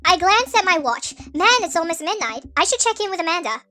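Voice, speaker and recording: Brief: jokey woman gamer narrating, very high and lively, bright tone, sped-up nightcore sound. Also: brisk. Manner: chatty, jokey, trips over words. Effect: sped-up, pitched-up nightcore edit. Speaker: gamer narrating a story game. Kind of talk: playthrough narration with commentary.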